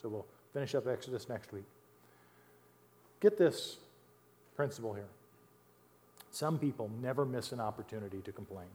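A married man preaching a sermon as pastor, folksy and animated, mimicking complaining crowds and dropping joking asides. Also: mid-range voice, moderate pace, pauses often. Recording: long hall reverb.

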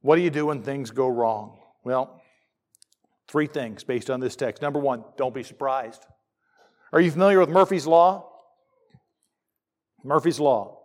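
With a mid-range voice, this middle-aged pastor speaks unhurriedly and pauses often. His church sermon is animated and jokey, blending humor with scripture he reads aloud.

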